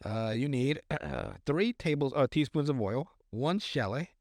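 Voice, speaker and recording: A man's voice: mid-range voice, animated, measured pace, vocal fry, darkish tone, dry recording, clean studio sound. A man co-hosting a podcast, reading recipes aloud in casual chat, stumbling over words and joking crudely. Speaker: podcast co-host.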